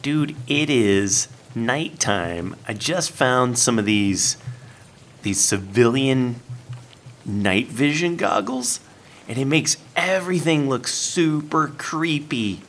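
A man giving playful, animated let's-play commentary, talking to the game and his viewers and jumping up to excited yelps. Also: takes it slowly. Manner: jumps to high excited yelps. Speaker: gaming YouTuber.

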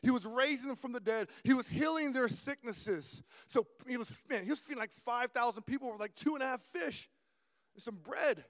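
A young man giving an animated sermon-style talk, often repeating words and dropping from loud to hushed. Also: very high-pitched, moderate pace, long reverb tail. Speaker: guest speaker.

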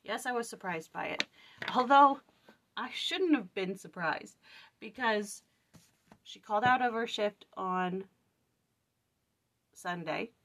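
A woman talking casually in a scripture study vlog, tired and venting, telling an animated story about a hard day at work. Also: medium pitch, slow, long pauses. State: weary. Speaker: vlogger.

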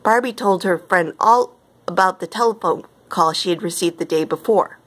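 A woman reading a storybook aloud as narrator, with gentle, even pacing. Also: on the low side, moderate pace.

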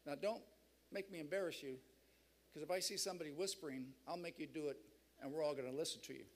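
A man's voice: on the high side, fast. A man preaching a sermon at a church seminar, emphatic and rousing the crowd. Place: large church hall.

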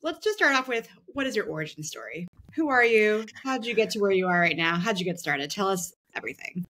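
A woman's voice: mid-range voice, expressive, quick pace, fairly bright tone, a little hiss or hum. A woman co-hosting a podcast in casual chat, talking freely with many "like" fillers. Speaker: podcast co-host.

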